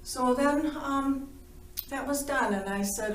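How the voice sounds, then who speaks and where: A woman's voice: sits high, takes it slowly, a little hiss or hum. Laughing woman telling her story in a roomy space. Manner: playful, laughs often, acts out dialogue. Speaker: near-death experience witness. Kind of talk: animated personal storytelling. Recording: roomy, from a distance.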